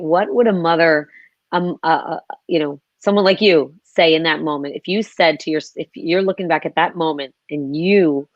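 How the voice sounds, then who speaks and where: Woman, interview host, soft-spoken, affirming, low voice, dry muffled recording. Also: dry recording.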